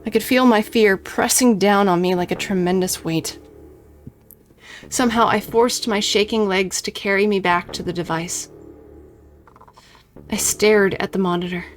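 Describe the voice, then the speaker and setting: A young woman streams a visual novel, reading its text aloud and reacting bluntly with swearing. Her voice sits at a middle pitch. Soft game music plays behind her. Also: steady tone, measured pace, long pauses.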